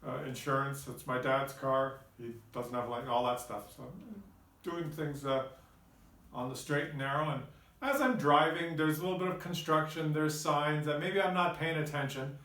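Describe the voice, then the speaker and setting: A man from Canada telling a personal story in a casual, animated way, exclaiming and using lots of filler words. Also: fairly high pitch, moderate pace, distant mic. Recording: echoey room, off-mic.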